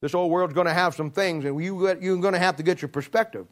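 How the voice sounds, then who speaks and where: A middle-aged man preaching a sermon, acting out a story with lively storytelling. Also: high-pitched, quick pace. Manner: animated storytelling, acting out scenes.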